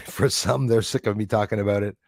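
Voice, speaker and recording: A man's voice: on the low side, a little fast, no echo, clean studio sound. A man hosting a casual live stream, rambling as he reads out and thanks viewers in the chat. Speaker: livestream host.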